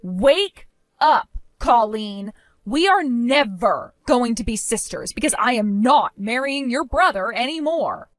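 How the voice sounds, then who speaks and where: A woman narrating her own dramatic story, speaking in a cold, indignant and forceful way. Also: on the high side, expressive, a little slow, no room sound, clean studio sound. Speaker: narrator of a first-person story.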